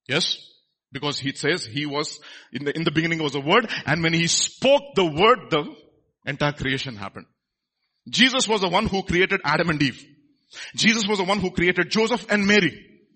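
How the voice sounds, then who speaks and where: A man's voice: fairly high pitch, pushed and bright, husky. A man preaching a sermon, asking the congregation questions as he teaches from scripture. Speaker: pastor.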